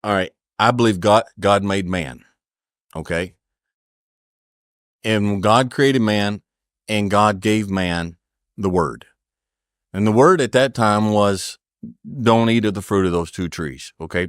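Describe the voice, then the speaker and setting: A man's voice: on the low side, unhurried, pauses often, clear, resonant tone, no room sound, studio quality. A middle-aged man talking about family and faith, giving advice in an earnest, preaching way and repeating phrases for emphasis. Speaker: podcast guest. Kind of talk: conversational storytelling and advice.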